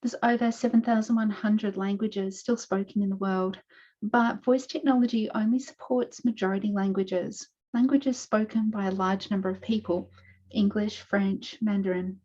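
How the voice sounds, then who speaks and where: A woman's voice: medium pitch, fairly even intonation, darkish tone. A woman with an Australian accent giving an online conference presentation, explaining her research step by step over a video call. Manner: measured, explanatory, walking through slides. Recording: dull lo-fi video call audio.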